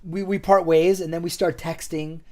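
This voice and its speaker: Man telling a rambling story, slightly high voice. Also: moderate pace. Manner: animated, acts out quoted dialogue; loose, rambling with restarts. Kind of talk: casual storytelling chat.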